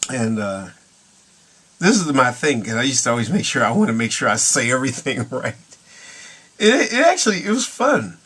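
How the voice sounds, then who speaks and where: A middle-aged man chats to his camera in a loose, wandering way. He chuckles as he talks and switches into Spanish phrases now and then. His voice sits at an ordinary pitch with a husky, breathy edge. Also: very animated, moderate pace, a bit bright. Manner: rambling, chuckling, drifts between English and Spanish. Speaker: vlogger. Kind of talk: casual talk to camera.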